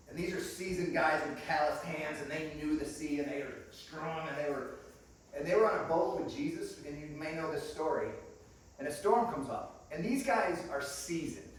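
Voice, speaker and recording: Guy preaching a sermon, kinda high voice, really echoey room, mic a bit far off. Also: moderate pace, slight background noise. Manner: storytelling, acts out dialogue, swings from quiet to loud. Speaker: guest preacher. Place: small island church.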